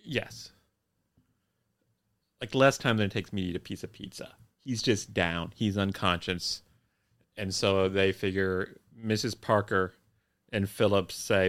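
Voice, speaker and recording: A man's voice: sits low, measured pace, long pauses, a bit bright. A young man co-hosting a casual movie chat, recapping the plot with dry, wry humor. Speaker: podcast co-host.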